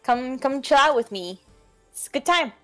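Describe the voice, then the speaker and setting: High bubbly woman streamer. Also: expressive, moderate pace, a bit bright, soft background music. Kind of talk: self-introduction plug.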